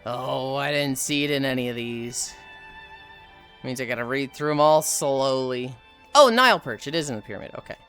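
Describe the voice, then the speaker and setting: Over a fishing game, a livestreamer offers chatty, casual commentary, swearing freely and sighing often between remarks. The voice is mid-range with fairly even intonation at a moderate pace, with soft music in the background.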